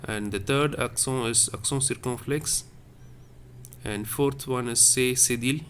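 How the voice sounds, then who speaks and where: Slow, repetitive man teaching French. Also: medium pitch, a bit bright, slight background noise. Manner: slow, repetitive, checks with "okay?". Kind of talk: classroom lesson.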